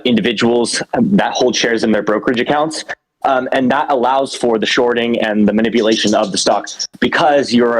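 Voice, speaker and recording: A male caller on a live stream who speaks at an average pitch. He talks hesitantly and fills his pauses with ums and uhs while he explains his point. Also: rough recording. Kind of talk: call-in chat.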